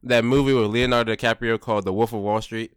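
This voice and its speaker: A man's voice: medium pitch, steady tone, quick pace, clear, resonant tone, no room sound, studio quality. A young man co-hosting a podcast, joking and teasing in casual banter. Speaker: podcast co-host.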